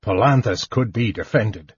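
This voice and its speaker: A man voicing a grumpy, scornful old male dwarf who talks gruffly, on a muffled lo-fi recording. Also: lowish voice, a little slow, no echo. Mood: grumbling. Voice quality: gruff, snappish.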